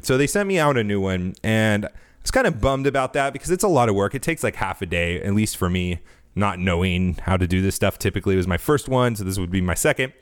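A podcast host with a lowish voice runs a faith-based business show, recorded in a clean studio with no echo. He speaks earnestly, frequently restarting his sentences and correcting himself, and grows fired up in an animated, preaching tone.

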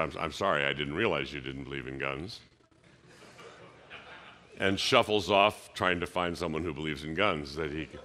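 A man's voice: low voice, bright, forceful tone. A man giving a conference talk, conversational, with frequent fillers and restarts, acting out bits of dialogue. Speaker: conference speaker.

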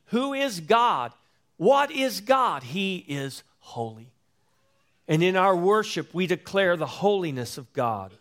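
A pastor preaches in a measured, deliberate voice pitched a little higher than most men's, lingering on words and repeating key phrases for emphasis. His pitch swings widely, climbing and then dropping low and quiet as each thought ends.

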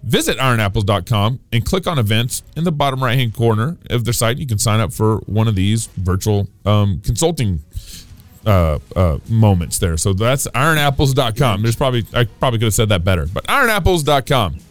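A man's voice: on the low side, lively intonation, a little fast, dry recording. Guy hosting a comedy show, self-mocking and rambly, bouncy voice, bit of music under him. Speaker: comedy podcast host. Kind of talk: joking commentary.

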